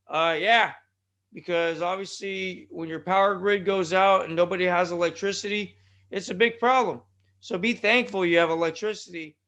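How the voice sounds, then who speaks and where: A man with a high, bright and forceful voice hosts a solo wrestling podcast. He rambles from one aside to the next, joking at his own expense. He trips over his words and restarts his sentences as he goes. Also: steady tone, normal speed. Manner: joking, self-deprecating, rambling with tongue-tied restarts. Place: California.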